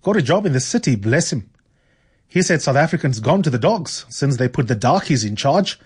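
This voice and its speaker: A man's voice: mid-range voice, big pitch swings, normal speed, breathy edge. A man reading aloud, voicing a chatty middle-aged Irish landlady with a blunt, gossipy manner and a shaky attempt at an Irish lilt. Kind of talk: reading a novel aloud on radio.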